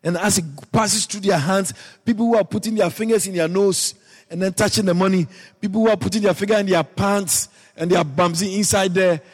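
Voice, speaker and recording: A Guyanese man preaching a radio sermon, emphatic, dropping into low asides and rising into high shouted repeats. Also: fairly even intonation, brisk, big-room sound.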